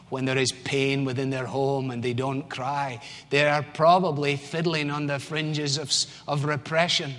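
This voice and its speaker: With a Scottish accent, a male pastor preaches in an emphatic, conversational style. His voice is fairly high and fairly bright, and a long church-hall reverb surrounds the recording.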